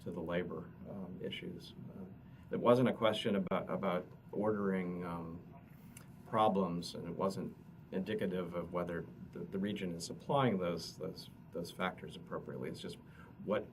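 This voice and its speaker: A man, an economist, explaining survey results at a press conference in a halting way, often repeating words. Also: low voice, steady tone, creaky. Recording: distant mic with noticeable noise.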